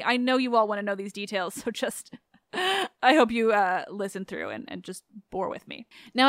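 A woman's voice: on the high side, a bit bright, clean tone, no echo, studio quality. A woman hosting a podcast in a chatty, sarcastic way, swearing freely as she talks. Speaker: podcast host. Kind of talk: casual podcast narration.

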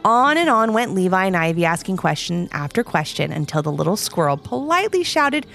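A woman's voice: fairly low pitch, big pitch swings, a little fast, gravelly, a bit bright, soft background music. A woman co-narrating a children's story with playful, chatty asides.

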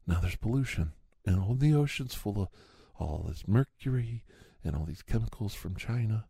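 A man's voice: fairly low pitch, lively intonation, normal speed, gravelly, mellow, slightly rough, dry recording, studio quality. A man in a rambling conspiracy-style comic monologue who keeps saying "see?" and drops into sudden whispers.

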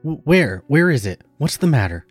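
A gentle old husband, voiced by a male reader, pitched somewhat above the reader's own voice. He speaks tenderly and asks startled questions, as in a spoken storybook. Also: big pitch swings, extremely slow, faint music behind, full character voice. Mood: alarmed. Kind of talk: audiobook reading.

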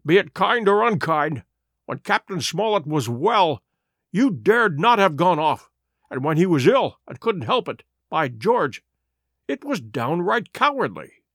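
Man playing a kindly middle-aged doctor, earnest, higher voice, dry close sound. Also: very animated, measured pace, fairly bright tone, no echo, heavily acted. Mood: sad. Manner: earnest, rising to urgent pleas.

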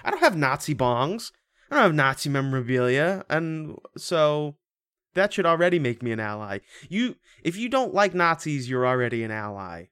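A man's voice: a little high, sing-song, moderate pace, fairly bright tone, clean tone, dry recording, studio quality. A man co-hosting a podcast, joking crudely and rambling with lots of restarts. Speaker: podcast co-host. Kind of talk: casual podcast chat.

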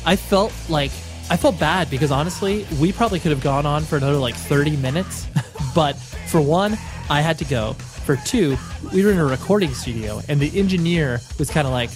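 A man's voice: on the high side, a little fast. A sick man with a nasal voice, hosting a podcast and wrapping up the episode in a rambling, apologetic way. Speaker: podcast host. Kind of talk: casual podcast outro. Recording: music playing underneath.

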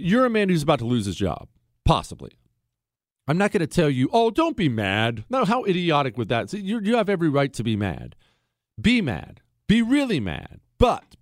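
A man's voice: medium pitch, no echo, studio quality. A man hosting a talk radio show, speaking in a fiery, emphatic way and repeating lines for punch as he answers listener mail.

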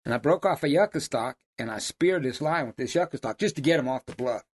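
A middle-aged man, a hunting guide, telling stories in casual chat with loud, high bursts when he quotes people. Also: fast talker, husky. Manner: animated yarn-spinner, loud high bursts when quoting.

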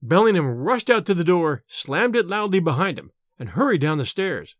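Expressive male storyteller with a lively voice. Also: sits high, moderate pace, no room sound, studio quality. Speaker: narrator. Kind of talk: audiobook reading of a Victorian horror story.

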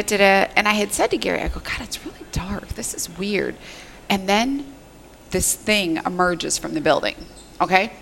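A middle-aged woman telling a story in casual podcast chat, animated and profane. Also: medium pitch, vocal fry, slight background noise. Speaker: podcast guest.

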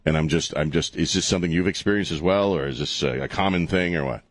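A middle-aged man talks in a casual, self-mocking way, and his voice sits very low. The sound is dry and close, with no room around it. He keeps turning questions back to his guest. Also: fast, no room sound. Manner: relaxed, self-deprecating, asks follow-up questions. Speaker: podcast host. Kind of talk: casual chat.

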